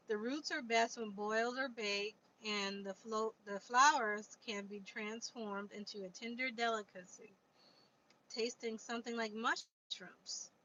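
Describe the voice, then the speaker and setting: A livestream host chats casually with her viewers, answering their comments and reading aloud from a book. Her voice sits on the high side and stays steady, a little slow, with a sharp edge. The stream audio is dull and lo-fi, with faint noise underneath.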